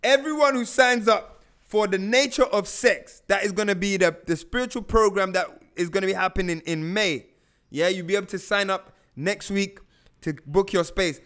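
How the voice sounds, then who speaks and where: A man's voice: high voice, moderate pace, fairly bright tone. A young man giving a casual motivational monologue in a slangy, emphatic way, often repeating his phrases.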